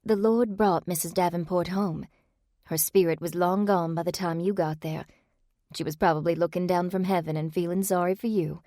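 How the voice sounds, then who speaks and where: Casting: woman narrator voicing a gentle, devout churchwoman, dry close sound. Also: fairly low pitch, steady tone, normal speed, dry recording, natural voice. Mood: reassuring. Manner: gently reassuring. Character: devout, affectionate woman quoting scripture.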